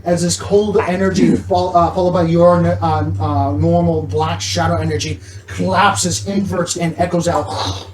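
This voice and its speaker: A man's voice: on the high side, steady tone, a little slow, noisy background. A man narrating a tabletop game as game master, laid-back and laughing often, recorded in an echoey room from a distance. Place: room with other players.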